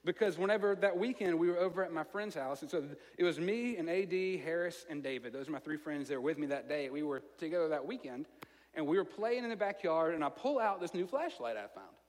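A man with a Southern American accent preaching a sermon in a conversational, self-mocking way, telling a story with lively asides. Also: on the high side, fairly quick. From Alabama, US. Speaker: pastor. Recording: long reverb of a large hall.

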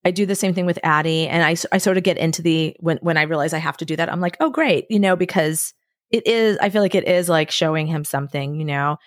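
A woman in her forties talking as a podcast guest, telling candid stories with lively acted-out quotes and casual swearing. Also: low-pitched, fast talker, no echo, clean studio sound. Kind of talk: candid conversational storytelling.

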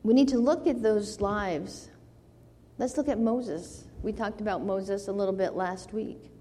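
A woman preaching a sermon slowly and earnestly, her voice rising into pleading when she quotes scripture. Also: medium pitch, mellow, a little hiss or hum. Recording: long hall reverb.

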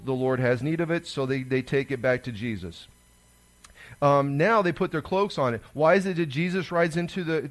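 A man, a pastor giving a conversational sermon that swings between loud emphasis and hushed asides. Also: on the high side.

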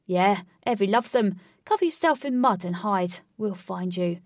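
A woman voicing a tough, brash male fighter who gives loud, commanding orders in a storybook reading. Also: medium pitch, lively intonation, normal speed, no room sound, studio quality, lightly acted.

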